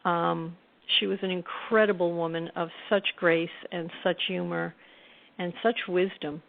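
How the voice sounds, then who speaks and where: A middle-aged woman speaks as a guest author, thoughtful and unhurried, with soft laughs. Her voice sits fairly low. It comes through a thin, phone-like line. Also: fairly even intonation, vocal fry. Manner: reflective, warm-toned storytelling with soft laughs. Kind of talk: conversational interview storytelling. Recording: tinny phone-line audio.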